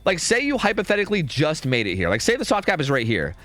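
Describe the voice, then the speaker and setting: A man's voice: fairly high pitch, wildly swooping pitch, fast, fairly bright tone. A young man streaming, ranting casually in a rambling way, full of "like" and "dude" and some swearing.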